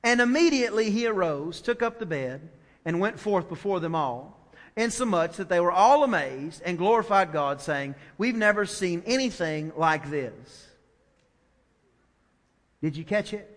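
A male pastor preaching a sermon, swinging from soft asides to loud, emphatic declarations. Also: high-pitched, animated, moderate pace. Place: church sanctuary. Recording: long church reverb.

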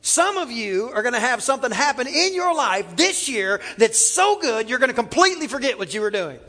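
Fervent high-voiced preacher in a reverberant church. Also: male voice, very animated, fairly quick. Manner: fervent preaching, rising to shouts, calls for congregation responses. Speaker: pastor. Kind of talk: sermon. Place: church sanctuary.

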